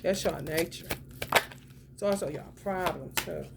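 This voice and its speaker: A woman's voice: fairly low pitch, unhurried, long pauses. Brief: young woman, profane tarot reader, blunt and slangy, faint background hiss. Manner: blunt, profane, slangy, swings between loud and muttered. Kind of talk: casual spoken tarot reading.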